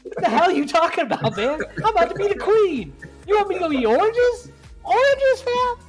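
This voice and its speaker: A man voicing a scornful young woman about to be queen, shrill and incredulous. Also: very animated, a little fast, loud music behind the voice. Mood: mocking.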